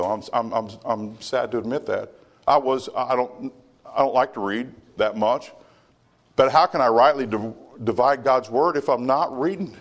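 A man's voice: mid-range voice, normal speed. A male pastor preaching a sermon, emphatic, with many rhetorical questions and stammered restarts.

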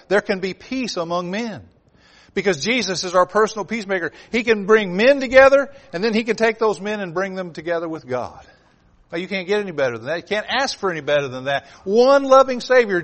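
Emphatic male preacher, slightly high voice. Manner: emphatic, repetitive cadence with swells in loudness. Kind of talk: sermon.

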